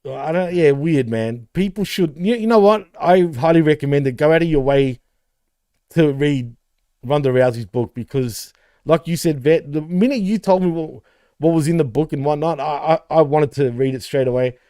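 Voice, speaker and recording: A man's voice: on the high side, moderate pace, mellow, smooth, dry recording, clean studio sound. A man co-hosting a wrestling podcast in casual chat, laughing often and swearing freely. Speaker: podcast co-host.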